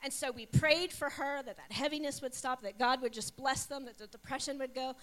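Pastor's wife telling her testimony, high voice, brings the story to life acting out the quotes. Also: fairly quick. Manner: animated storytelling with acted quotes. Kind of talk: testimony sharing.

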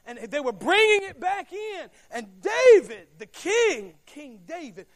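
A man preaching a sermon, emphatic and repetitive, swinging from hushed to shouting. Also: very high voice, sing-song, unhurried. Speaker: pastor.

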